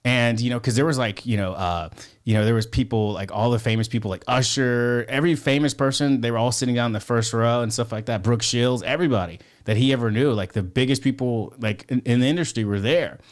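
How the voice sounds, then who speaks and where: A man's voice: mid-range voice, brisk. A man telling a story as a podcast guest, in a rambling, profane way full of "like" and "you know". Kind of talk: casual storytelling.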